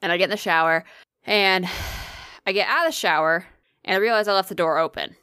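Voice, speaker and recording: A woman chatting casually, telling a story with lots of swearing and animated energy. Her voice is bright and forceful, recorded dry and close with no room sound. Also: mid-range voice, fairly quick, smooth, no room sound. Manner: animated, profane, swears freely.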